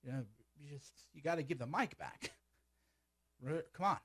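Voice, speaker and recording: A man's voice: fairly high pitch, animated, moderate pace, fairly bright tone, breathy edge. Rambling, sarcastic male commentator. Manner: rambling, sarcastic, laughs often. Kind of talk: casual video commentary.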